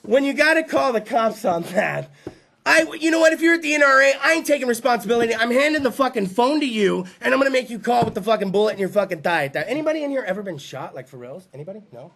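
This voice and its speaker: A man's voice: very high voice, animated, quick pace, creaky, fairly bright tone. A man hosting a talk show, telling crude jokes in a rowdy monologue and acting out other voices. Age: adult. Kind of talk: profane comedic monologue.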